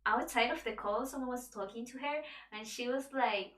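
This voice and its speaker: A woman's voice: fairly high pitch, moderate pace, fairly bright tone. A woman VTuber streamer chatting casually while she draws, telling a story in a rambling way with frequent restarts. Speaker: VTuber streamer and webtoon artist. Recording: echoey room, mic at a distance, background music. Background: background music.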